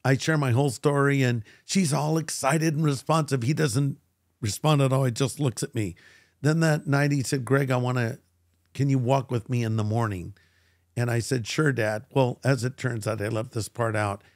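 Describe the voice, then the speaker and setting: An older man tells a long personal story as an interview guest, putting on the voices of the people he quotes. He has a medium-pitched voice recorded dry and close, with no room sound. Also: normal speed, dry recording. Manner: animated storyteller who acts out quoted voices. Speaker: guest pastor.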